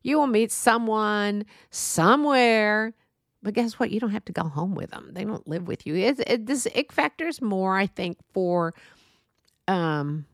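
In a clean studio take with no room sound, a middle-aged woman delivers a casual solo podcast monologue. Her mid-range voice is expressive and a little slow. Earnest and full of fillers and restarts, she keeps going off on tangents, then apologizes and comes back.

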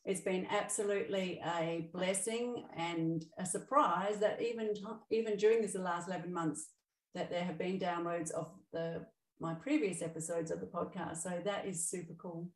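An Australian middle-aged woman, an emotional balance coach, delivers a solo monologue on her own podcast in a chatty, upbeat way with fillers and self-corrections. Her fairly low voice has fairly even intonation at normal speed, but the audio is poor, reverberant and distant-miked.

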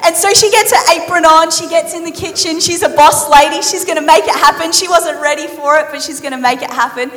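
A woman preacher giving a sermon in a lively, conversational, playful storytelling manner. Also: very high voice, fairly quick, few pauses. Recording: reverberant hall.

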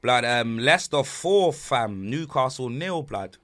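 A man's voice: medium pitch, lively intonation, a little slow, a bit bright. A young man co-hosting a football podcast, joking constantly and tagging his sentences with street slang. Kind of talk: casual banter podcast.

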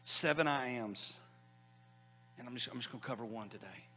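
A middle-aged male pastor preaching a sermon in a church hall, swinging between loud declarations and hushed near-whispers. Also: mid-range voice, normal speed, dull audio, soft background music.

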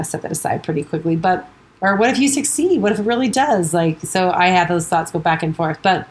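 A woman's voice: fairly low pitch, rough recording. A woman hosting her own podcast as a coach, talking casually and encouragingly, often quoting her own self-talk and checking in with "right?". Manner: chatty, self-talk quotes, frequent "like" and "right?".

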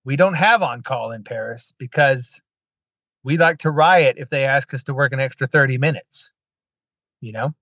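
A man's voice: mid-range voice, normal speed, a bit bright, no room sound. A man hosting a podcast, telling a story in casual chat and acting out the quoted lines, with sarcastic asides. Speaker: podcast host. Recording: dull lo-fi dry sound.

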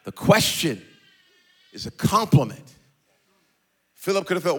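A middle-aged man preaches from a church stage with a fairly high voice. He swings into a chanting, sing-song cadence and climbs to shouts. Between points he drops into joking asides and laughs. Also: very animated, normal speed, long pauses, breathy edge. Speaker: pastor. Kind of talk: sermon.

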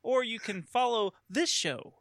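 A man's voice: extremely high pitch, animated, unhurried, fairly bright tone, dry recording, clean studio sound. A man hosting a casual gaming podcast, laughing often as he chats. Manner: laughs often, wraps up the show. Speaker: podcast host. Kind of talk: casual chat.

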